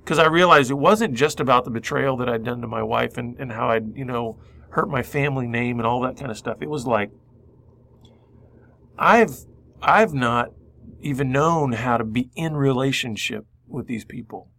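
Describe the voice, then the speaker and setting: A man's voice: medium pitch, normal speed, gravelly, pushed and bright. A man co-hosting a radio program, talking in an emotional, searching way about recovery, with many restarts. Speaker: radio show co-host. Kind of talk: reflective conversation.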